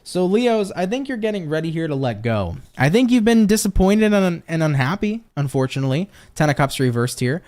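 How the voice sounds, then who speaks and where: A man's voice: on the high side, sing-song, fairly quick, hardly any pauses, darkish tone. A man from the United States reading tarot on a casual live stream, upbeat and chatty, swearing freely and cheering viewers on while reading out their comments. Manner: upbeat, swears freely, pep-talk catchphrases.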